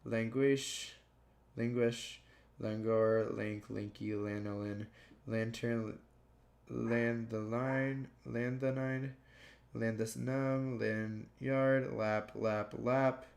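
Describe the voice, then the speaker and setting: A man slowly reading dictionary words aloud one by one, stumbling and restarting now and then. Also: medium pitch, little pitch movement, vocal fry, darkish tone. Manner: slow, plodding word-by-word reading with stumbles. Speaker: gaming youtuber.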